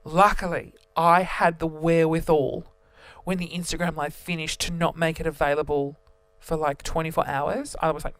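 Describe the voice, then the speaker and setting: A young man telling a story to camera as a vlogger, animated and theatrical, jumping between voices. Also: on the high side, moderate pace, no echo.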